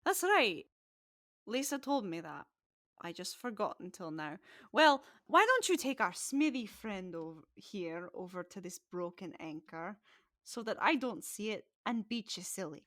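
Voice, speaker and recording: A woman's voice: medium pitch, very animated, unhurried, fairly bright tone, no echo, studio quality. Woman doing a blustery old sea captain. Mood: gruff. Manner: blustering, threatening in jest. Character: gruff old male ship captain, blustery.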